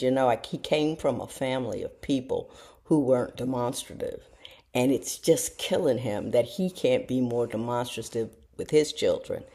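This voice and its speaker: Middle-aged lady, low gravelly voice, lively up-and-down storytelling, folksy and chatty. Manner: animated, jumps into high voices for quoted people; folksy, chatty, self-mocking. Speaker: show host talking to viewers. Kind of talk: casual storytelling monologue.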